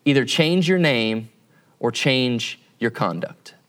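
A man's voice: mid-range voice, animated, slow, a bit bright, pitched below the performer's own voice. A man voicing a stern ancient male conqueror who questions a soldier insistently in a retold sermon story.

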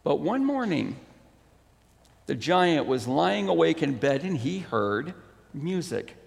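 Male pastor, high voice, slow delivery, expressive story reader; echoey church hall. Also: vocal fry. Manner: unhurried, expressive storytelling with wide pitch swings. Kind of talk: sermon with a story read aloud.

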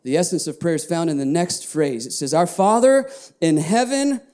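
A man with a high voice preaching to his church, his tone mellow and warm. He shifts between soft, hushed prayer and lively, shouted praise. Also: moderate pace. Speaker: pastor. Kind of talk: sermon.

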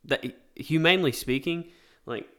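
A man's voice: a little high, normal speed, a bit bright, smooth. A man co-hosting a casual Christian talk show, speaking earnestly and reflectively about faith. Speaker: co-host. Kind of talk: casual Bible discussion.

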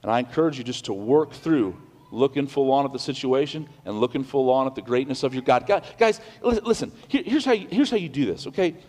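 A man preaching a sermon in a church, swinging between loud declarations and hushed, quiet passages, with conversational restarts and asides. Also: medium pitch, lively intonation, a little fast, in a large hall. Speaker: pastor. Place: church sanctuary.

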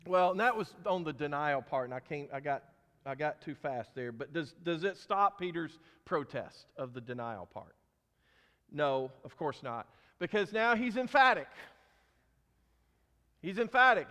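A man with a high voice preaches a sermon, pressing his points with emphasis and repeated questions to the congregation. His voice rings through a hall with a long reverb. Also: a bit bright. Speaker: pastor.

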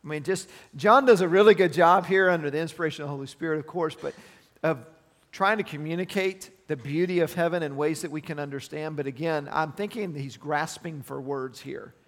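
A middle-aged male pastor preaches in an earnest, conversational way, weaving personal asides into scripture. His voice sits a little high for a man. The sound rings with the long reverb of a large hall. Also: brisk. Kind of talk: sermon.

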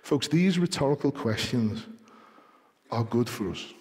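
A man preaching a sermon, moving from calm explanation to rising, emphatic delivery. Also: mid-range voice, a little slow. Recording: long hall reverb.

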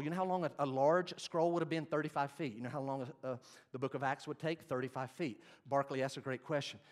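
A man preaching a sermon as pastor, passionate, swinging from quiet asides to loud emphatic preaching. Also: medium pitch.

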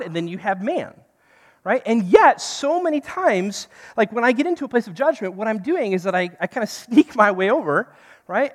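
A preacher gives a conversational sermon whose pitch rises and falls freely. The voice keeps checking in with its listeners. The sound carries the long reverb of a church hall. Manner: animated, often checks in with the listeners.

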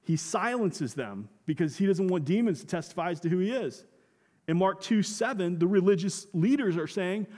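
A man preaches from a church sanctuary in a fairly high voice. He keeps it conversational, leaning on rhetorical questions and repeated phrases. The sound carries a long, reverberant hall tail. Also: lively intonation, normal speed, darkish tone. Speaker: pastor. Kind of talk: sermon.

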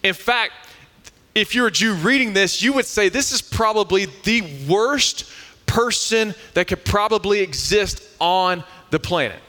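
A man's voice: sits high, animated, measured pace, pushed and bright. A man preaching a sermon as pastor, reading scripture aloud and explaining it in an earnest, emphatic way, often repeating a word as he restarts. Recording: echoey hall with long reverb.

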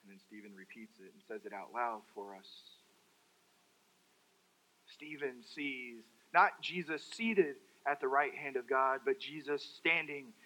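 A man preaching a sermon, dramatic, swinging from loud outbursts to hushed, quiet phrases. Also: mid-range voice, unhurried, low-quality recording.

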